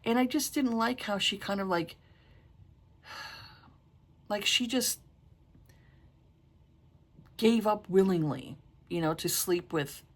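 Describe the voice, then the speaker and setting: Frank, exasperated woman ranting about a book. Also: on the low side. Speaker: book reviewer. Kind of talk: casual book review chat.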